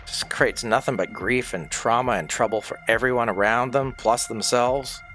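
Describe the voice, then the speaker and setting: A man's voice: mid-range voice, normal speed, fairly bright tone, faint music behind. Profane, ranting man streamer. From not from the United States. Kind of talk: casual rant during a game stream.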